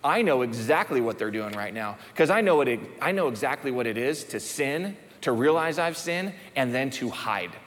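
A male pastor preaching a sermon, dropping to hushed low emphasis and then rising high and excited when he reads dialogue aloud. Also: moderate pace, hardly any pauses. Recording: reverberant church hall.

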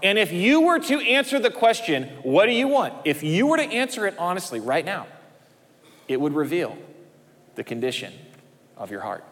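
A man's voice: very animated, moderate pace, a bit bright. Man preaching in a reverberant hall. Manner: preaching with rising and falling emphasis, dropping low at phrase ends. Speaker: pastor. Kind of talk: sermon.

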